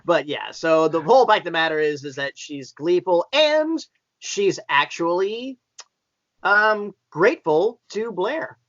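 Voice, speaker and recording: A man in his fifties rambles through a casual podcast chat. He circles back, restarts and fills gaps with um and uh. His voice sits slightly high and is recorded close and dry with a dull, muffled sound. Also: expressive, unhurried, a bit bright, no room sound. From born in Tennessee, raised in Indiana and Florida. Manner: rambling, many restarts and filler words. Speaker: podcast guest.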